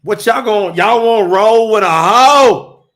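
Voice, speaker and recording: A man preaching fervently on a livestream, shouting scripture and then reading from his chat. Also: high-pitched, measured pace. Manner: shouts and drawls, reads chat aloud.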